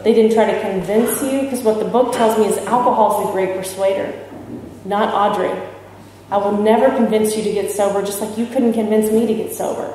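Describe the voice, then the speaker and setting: A woman's voice: mid-range voice, fairly even intonation, brisk, dark tone, a little hiss or hum. A woman speaking candidly to a convention audience, joking and asking them questions. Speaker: speaker sharing recovery experience. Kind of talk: talk at a recovery convention. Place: large hall with audience. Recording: echoey hall from far off.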